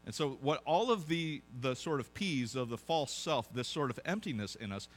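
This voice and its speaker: A man's voice: mid-range voice, animated, moderate pace, soft background music. A pastor preaching a conversational sermon to his congregation, asking them questions as he goes.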